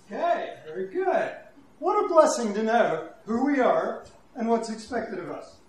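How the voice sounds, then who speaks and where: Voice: medium pitch, sing-song, a little slow, distant mic. Conversational preacher in an echoey hall. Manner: conversational and playful. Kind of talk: sermon with a children's demonstration. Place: church hall. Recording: echoey hall with faint room noise.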